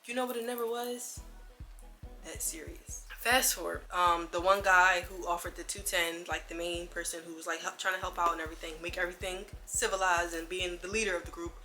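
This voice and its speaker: A young woman vlogger telling a storytime in an animated, slangy way, acting out the other people's lines as she goes. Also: lowish voice, fast talker, hardly any pauses, faint music behind. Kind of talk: casual storytime.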